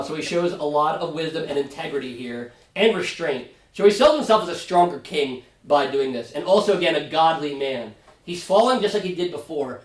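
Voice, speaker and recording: Man pastor teaching in a roomy room. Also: fairly high pitch. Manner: conversational, often checks in with "right?". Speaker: pastor teaching Sunday school. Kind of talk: casual Bible study teaching. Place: church classroom. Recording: roomy, from far off mic.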